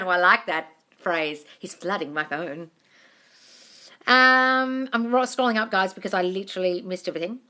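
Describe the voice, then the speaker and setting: Bright-voiced woman hosting a live Q&A. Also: mid-range voice, normal speed, smooth. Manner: repetitive, affectionate, calls viewers darling; reads viewer comments aloud and answers them. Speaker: manifesting coach answering live questions. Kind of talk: casual live-stream Q&A.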